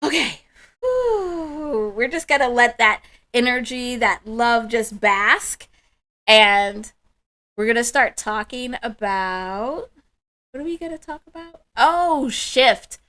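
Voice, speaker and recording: With a voice on the high side and lively intonation, a woman hosts a spiritual livestream. She chats with viewers softly and slowly, warm, emotional, and affirming.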